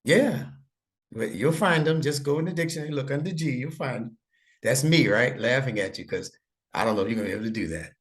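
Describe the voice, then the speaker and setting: A man's voice: medium pitch, fast talker, a bit bright. A middle-aged man giving a one-on-one online lesson to a child, patient and coaxing with playful teasing. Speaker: instructor.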